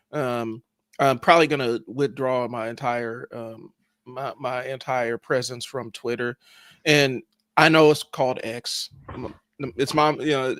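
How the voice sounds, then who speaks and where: A man with an ordinary mid-range voice talks on a podcast in an easygoing way. He is sarcastic and animated and keeps reaching for "like" and "you know" as he goes. The mic is close and dry. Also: medium pitch, no room sound. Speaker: podcast co-host. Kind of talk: casual chat.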